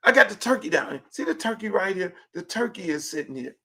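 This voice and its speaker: With big pitch swings, a quick pace and a slightly rough voice, a middle-aged host with a Miami accent leads a profane, jokey livestream podcast, moving between booming and hushed talk.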